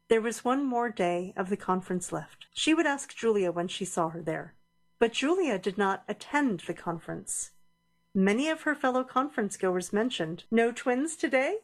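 A woman narrates an audio drama in a measured, deliberate way. Her voice sits at an average pitch.

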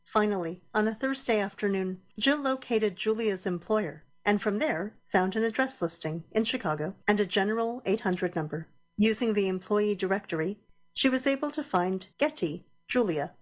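A woman narrating a radio drama in a measured, deliberate storytelling voice. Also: medium pitch, animated. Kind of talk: scripted audio-drama narration.

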